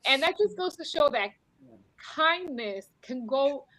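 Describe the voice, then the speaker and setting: A woman speaking emotionally and warmly on a podcast, repeating herself as she talks. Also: sits high, lively intonation, unhurried, dry recording, rough recording. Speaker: podcast guest. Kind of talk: heartfelt casual chat.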